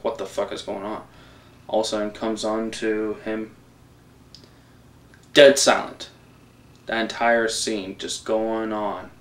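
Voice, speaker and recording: A young man giving a casual, excitable, rambling film review, swearing and laughing as he goes. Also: lowish voice. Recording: voice a bit distant from the mic.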